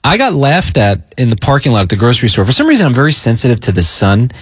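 A man's voice: medium pitch, quick pace, slightly rough, no room sound, studio quality. A man hosting a morning radio show, chatting casually and telling stories with lots of laughter. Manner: animated, laughing, storytelling.

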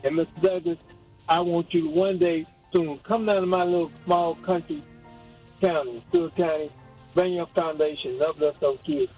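A man's voice: a little high, fairly even intonation, moderate pace, breathy edge, phone-quality sound, soft background music. Earnest older man calling in. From Georgia. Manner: earnest, rambling with restarts. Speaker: caller. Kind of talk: call-in radio talk.

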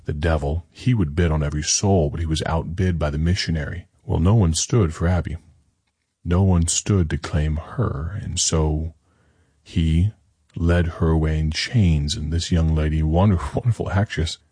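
A man's voice: a bass voice, darkish tone, husky, no echo, studio quality. A man, an evangelist, earnestly introducing a broadcast sermon in a conversational, storytelling way.

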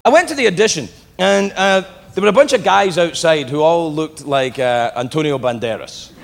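A man's voice: a little high, normal speed, gravelly, long reverb tail. A man performing a stand-up comedy set, telling stories animatedly, swearing and acting out characters. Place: comedy club stage before a laughing audience. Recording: live audience noise and crowd laughter.

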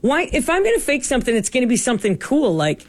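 A woman's voice: on the high side, very animated, no room sound. Chatty woman radio co-host. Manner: chatty, quick asides. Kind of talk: casual morning radio banter.

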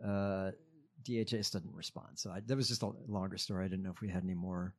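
A man's voice: sits low, steady tone, quick pace. Man, podcast co-host, casual political chat, reads headlines, filler-heavy.

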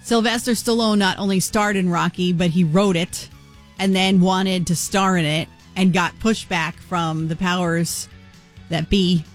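A woman's voice: on the low side, fairly even intonation, a little slow, soft background music. A woman co-hosting a talk show, chatting enthusiastically in a TV studio. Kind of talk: casual studio chat.

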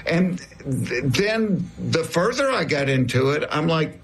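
A man's voice: fairly high pitch, big pitch swings, slow pace. A man in his sixties with a Southern US accent, a comedian telling stories in a folksy, easygoing way during an interview. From American South. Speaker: comedian guest. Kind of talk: conversational interview storytelling.

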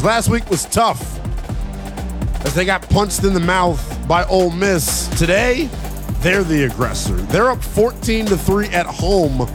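A fired-up male radio host runs a late-night college football show from a studio mic. His voice sits a little high for a man and he leans hard into emphatic, slangy hype, with a faint music bed underneath. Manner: animated, hyped, emphatic, slangy.

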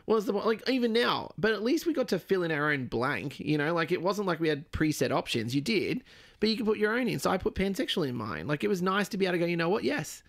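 Chatty Australian man with gravelly voice. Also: high-pitched, very animated, fast talker. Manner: chatty, self-mocking, giggly. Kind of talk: casual chat.

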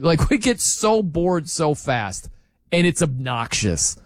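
A man hosting a sports talk show, arguing his point in an incredulous, animated rant with laughs between points. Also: a little high, moderate pace, no echo, poor audio.

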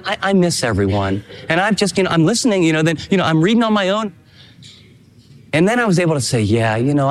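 A man with a high, bright-pitched voice preaches earnestly to his congregation. He talks animatedly, slipping into little acted-out quotes. His voice rings with the long reverb of a large hall. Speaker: pastor. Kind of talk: sermon.

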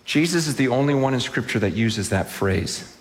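A man's voice: mid-range voice, lively intonation, normal speed, big-room sound, slight background noise. A man preaching a sermon with passion, often voicing the people and words he quotes. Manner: impassioned, voices quoted speakers. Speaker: pastor.

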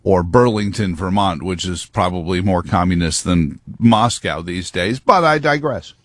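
A man's voice: deep voice, animated, unhurried, a bit bright, dry recording. A man hosting a talk show, giving a rambling, emphatic monologue into a close mic. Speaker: radio talk host. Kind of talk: opinionated monologue.

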